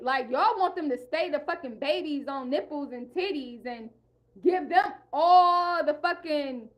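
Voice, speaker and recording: A young woman vlogger in a heated, profane rant, repeating herself and speaking in an African American English style. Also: high voice. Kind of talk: ranting monologue.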